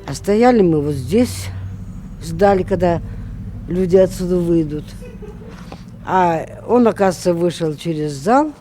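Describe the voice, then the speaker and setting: A woman with a dark, mellow tone talks through her memories in a loose, chatty way. She leans on little filler phrases as she goes. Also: on the low side, a little hiss or hum. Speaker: interviewee. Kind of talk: conversational recollection.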